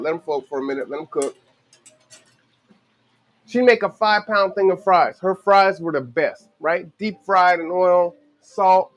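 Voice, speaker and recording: A man chats casually as he cooks in his home kitchen, his voice sitting a little on the high side. He tells stories in a relaxed, slangy way and talks straight to his viewers. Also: lo-fi sound. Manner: relaxed, chatty storytelling with slang. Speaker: home cooking show host. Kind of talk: casual cooking vlog with stories.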